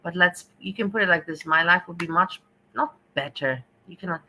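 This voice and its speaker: Woman streamer, sarcastic and rambling, a bit low with a bright edge. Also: fairly quick, a little hiss or hum, low-quality recording. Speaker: stream host. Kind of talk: commentary.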